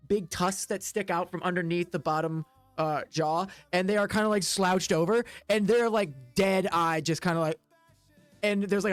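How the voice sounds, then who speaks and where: High voiced guy running a d&d style game, chatty and rambly, dry close mic. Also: clear, resonant tone, dry recording. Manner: casual, filler-heavy description. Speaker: game master. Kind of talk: narrating a tabletop game.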